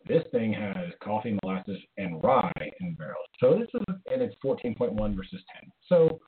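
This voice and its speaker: A man's voice: lowish voice, sing-song, moderate pace. A man hosting a casual beer chat, easygoing and hesitant, with lots of fillers. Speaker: podcast host. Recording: lo-fi phone-like sound.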